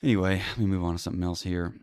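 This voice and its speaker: A man's voice: sits low, steady tone, very fast, a little mellow, smooth, no room sound, clean studio sound. A man hosting a solo talk show, rambling bluntly with many fillers and restarts. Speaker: podcast host. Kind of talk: casual solo commentary.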